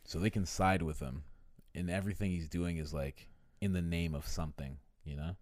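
Give me a low-voiced man chatting on a podcast in a dead-dry room, swearing freely as he acts out a story. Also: normal speed, no room sound. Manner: profane, excitable storytelling with acted-out voices. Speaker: podcast co-host. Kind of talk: casual chat, animated retelling.

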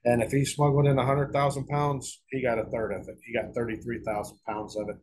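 A man's voice: mid-range voice, little pitch movement, fairly quick, darkish tone, slight background noise, poor audio. A middle-aged man telling a long story in a casual interview, rambling and profane, with frequent restarts and repeated words. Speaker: guest author.

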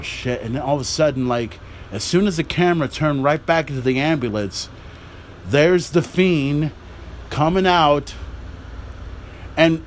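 Excitable, profane man recapping wrestling. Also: on the high side, a little hiss or hum. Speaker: podcast host. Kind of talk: casual wrestling recap rant.

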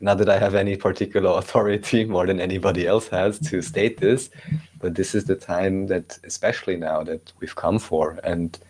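Male guest, deep monotone voice, measured and reassuring. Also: breathy edge. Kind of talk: casual conversation.

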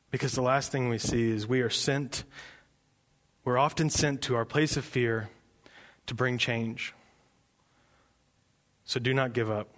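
A man's voice: medium pitch, steady tone, unhurried, long pauses, fairly bright tone. A man preaching a sermon as a pastor, speaking in an earnest, conversational way. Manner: earnest and conversational, switches into acted quotes.

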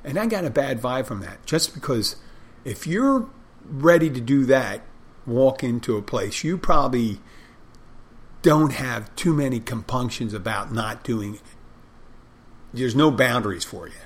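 This husky, mid-range voice belongs to a server and bartender describing how he deals with customers, complete with acted-out greetings. He speaks conversationally at a measured pace, with lively intonation and frequent pauses.

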